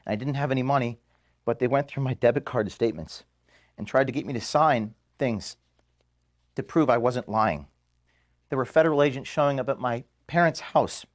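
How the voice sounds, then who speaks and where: A man in his thirties giving an emotional farewell speech to his staff in an office, halting and restarting as he speaks. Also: medium pitch. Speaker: organization founder addressing staff. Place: office, indoors.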